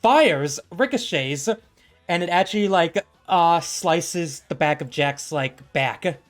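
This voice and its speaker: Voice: mid-range voice, animated, slow, soft background music. Hesitant young game master narrating. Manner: hesitant, full of "like" and "uh".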